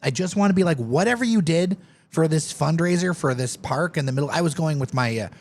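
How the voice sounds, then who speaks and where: A man's voice: fairly high pitch, a little fast. A man co-hosting a casual podcast, telling food stories with enthusiasm. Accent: Detroit, Michigan. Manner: lively storyteller, enthusiastic. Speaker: podcast co-host. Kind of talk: casual chat.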